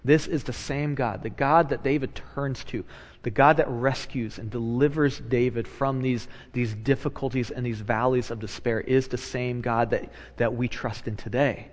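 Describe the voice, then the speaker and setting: A man, a pastor, preaching a sermon in a conversational way, moving between hushed and loud animated passages and repeating phrases for emphasis. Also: mid-range voice, normal speed, long reverb tail.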